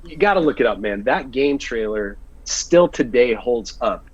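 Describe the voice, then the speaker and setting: A man's voice: medium pitch, normal speed, husky, no echo. An American actor, a man, recounting his career in a casual interview, acting out the lines people said to him. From United States. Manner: animated storyteller, acts out quoted lines. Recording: dull, slightly lo-fi sound.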